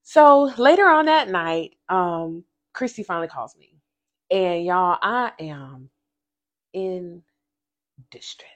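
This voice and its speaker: Low-voiced woman telling a personal story. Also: slow pace, long pauses, highs cut off. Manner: animated personal storytelling, addresses listeners directly; emphatic repetition. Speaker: podcast host. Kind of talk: casual faith podcast monologue.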